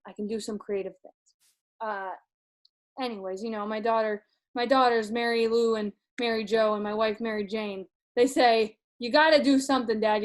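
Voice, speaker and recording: In a comedy sketch, a woman with a fairly high, lightly acted voice plays a nervous middle-aged dad who reviews movies. She rambles and stammers through constant fillers in this comic monologue.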